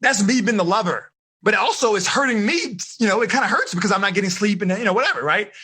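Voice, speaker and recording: Coaching a room of teenagers at a lively seminar, an American life coach speaks fast in a high, bright voice with a slightly husky edge. Full of energy, he pushes them for high fives and answers and acts out short scenes and quoted voices to make his points.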